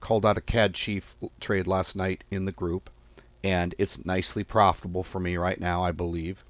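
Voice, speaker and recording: A man's voice: moderate pace, dry recording. A man hosting a forex trading channel, talking casually and bluntly to his viewers, often exasperated and swearing. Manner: lively, swings pitch and volume. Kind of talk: casual market commentary to viewers.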